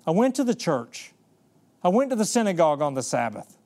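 A desperate, earnest leper begging for mercy, as a preacher puts him on. The voice sits a little high for a man and drops low and soft as the pleas sink in. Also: sing-song, fairly quick. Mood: pleading. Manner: pleading, earnest. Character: desperate pleading male leper.

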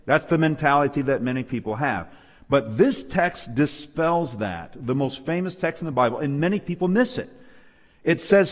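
A man's voice: fairly high pitch, animated, normal speed, big-room sound. A man preaching a sermon, emphatic and asking his listeners questions. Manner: emphatic, asks the audience questions. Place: church hall, live audience.

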